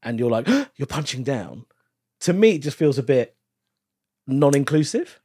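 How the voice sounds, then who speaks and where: A man, a stand-up comedian, chatting casually as a podcast guest and telling stories in a lively way. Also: mid-range voice, moderate pace, dry recording, studio quality. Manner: animated storytelling with frequent laughs.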